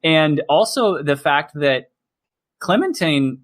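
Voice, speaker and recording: A man's voice: a little high, lively intonation, slow. A man co-hosting a casual podcast, chiming in eagerly and laughing often. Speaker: podcast co-host. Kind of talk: casual chat.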